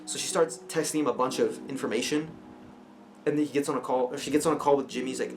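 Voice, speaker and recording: A man's voice: medium pitch, quick pace, noisy background. Rambling man reviewing a movie. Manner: rambling, lots of fillers and restarts. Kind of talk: casual spoken movie review. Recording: music playing clearly behind.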